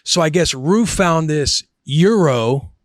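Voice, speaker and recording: Animated man telling a story, dry sound. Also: on the high side, takes it slowly, no echo. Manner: animated, swears, calls listener bro and buddy. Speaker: podcast host. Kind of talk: casual storytelling.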